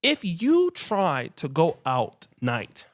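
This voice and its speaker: A man hosting a podcast who tells stories in casual chat, animated and swearing freely while acting out what people said. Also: a little high, slow pace. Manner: animated, acts out quoted dialogue, swears freely. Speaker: podcast host.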